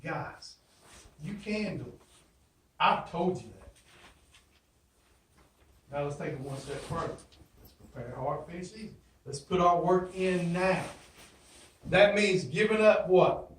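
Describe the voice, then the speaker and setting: High-voiced man teaching in an echoey classroom. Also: slow, long pauses. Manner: emphatic, repeats catchphrases, asks the class questions. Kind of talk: motivational classroom talk. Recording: roomy echo, from far off.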